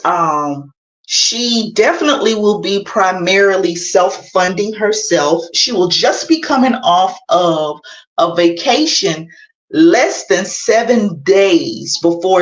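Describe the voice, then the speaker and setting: A woman calling into a livestream in casual chat, playful and drawn-out in her delivery. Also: on the low side. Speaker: caller joining a livestream. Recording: echoey room.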